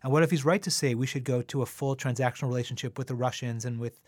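A man co-hosts a podcast, teasing his guest wryly and then pressing probing questions. His voice sits at a middle pitch. The recording is dry and close, with no room sound. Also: quick pace, dry recording. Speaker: co-host. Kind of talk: podcast discussion.

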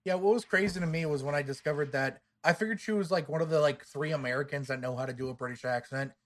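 A man's voice: fairly high pitch, fast talker. A man co-hosting a podcast, trading jokes and rambling asides about a movie. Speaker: podcast co-host. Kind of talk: casual movie discussion.

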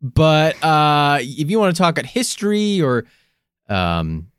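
A man's voice: fairly high pitch, sing-song, slow, smooth, no room sound. A man co-hosting a casual podcast, cracking crude jokes and asking his partner questions. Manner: joking, crude banter, swearing. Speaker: podcast co-host.

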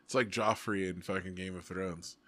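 A young man in casual chat, ranting with lots of swearing and an animated, emphatic manner. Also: low voice, moderate pace, dry recording. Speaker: works with middle schoolers.

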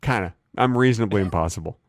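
A man co-hosting a comedy podcast, joking casually and sometimes dropping into a hushed, intimate voice. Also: lowish voice, fast, no room sound, clean studio sound. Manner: playful, drops into a hushed intimate voice. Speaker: podcast co-host.

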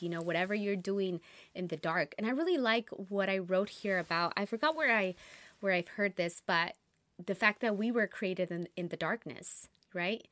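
Earnest woman with animated storytelling. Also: mid-range voice, no echo. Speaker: podcast host and meditation teacher. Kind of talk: reflective spiritual monologue.

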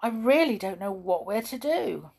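A woman's voice: medium pitch, lively intonation, normal speed, vocal fry, a little mellow, voice pushed up. A woman voicing a young boy in a storybook reading, speaking in a matter-of-fact way. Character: practical young boy in a children's tale.

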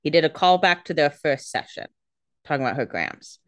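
A woman's voice: deep voice, sing-song, no room sound. A woman co-hosting a podcast, chatting casually and throwing out theories about a TV show. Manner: chatty, speculative, quick asides. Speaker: podcast co-host.

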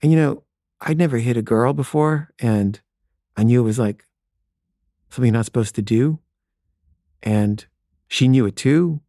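A man's voice: mid-range voice, moderate pace, long pauses, dark tone, no echo, studio quality. A man telling a candid personal story from his past in a wry, conversational way.

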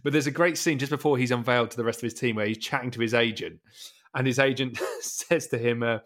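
A man's voice: medium pitch, fairly even intonation, fast, fairly bright tone. A man co-hosting a podcast, recounting film scenes in casual chat and laughing often. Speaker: podcast co-host.

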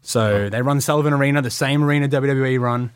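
A young Australian man chatting on a podcast, talking quickly and slipping into other people's voices as he tells his stories. His voice sits at an ordinary pitch, recorded dry and close. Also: clean tone, no room sound. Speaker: guest wrestler. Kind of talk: casual podcast interview.

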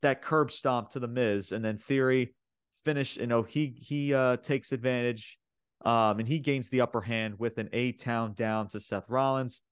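A man's voice: mid-range voice, steady tone, normal speed, clean tone, dry recording, clean studio sound. A man co-hosting a wrestling podcast, recapping a show in casual, profane chat full of fillers and laughs. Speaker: podcast co-host.

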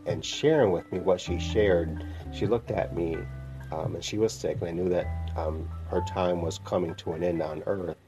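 A man from northern Illinois, a podcast host telling his personal faith story in a reflective, heartfelt way with pauses. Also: deep voice, lo-fi sound. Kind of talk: personal testimony.

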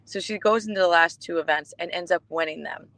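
A woman co-hosting a podcast, telling stories in casual chat, warm and emotional, with many restarts. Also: fairly low pitch, fast, no room sound, low-quality recording. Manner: chatty storytelling with restarts, emotional. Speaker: podcast co-host.

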